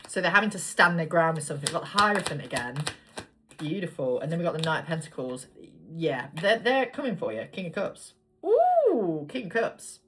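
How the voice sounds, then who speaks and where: A woman's voice: low-pitched, big pitch swings, normal speed, background noise. Blunt, chatty woman reading tarot. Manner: chatty, blunt, swears freely. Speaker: tarot reader. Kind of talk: casual tarot reading to camera.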